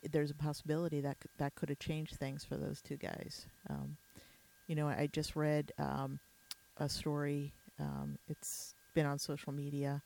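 A woman's voice: low-pitched, completely flat delivery, a little slow, gravelly, dark tone. A woman hosting a podcast interview, chatty and casual, with many fillers and restarts. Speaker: podcast host.

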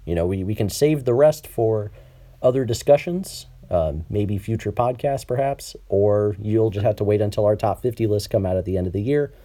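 Heard through Skype, a man hosts a relaxed podcast in a fairly low, dark, slightly nasal voice at a moderate pace. He's chatty and keeps hesitating with ums and restarts.

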